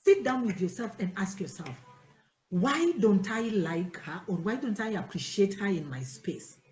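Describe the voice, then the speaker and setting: This is a pastor's wife leading an informal church teaching for her worship team. She's animated, playing out conversations in shifting voices, with a medium pitch at a moderate pace. The sound is roomy and the audio poor.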